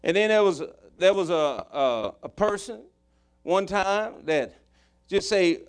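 A man preaches, telling a story from the pulpit in plain, homespun words. His voice sits a touch above the usual male range. He swings between loud, emphatic lines and quiet, hushed ones. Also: sits high, lively intonation, slow pace, clean tone. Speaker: pastor. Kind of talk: sermon.

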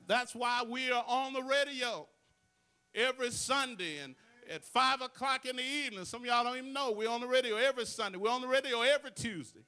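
Male pastor, sermon delivery, very high bright voice. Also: a little fast, clean tone. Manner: preaching with call-and-response asides. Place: church sanctuary.

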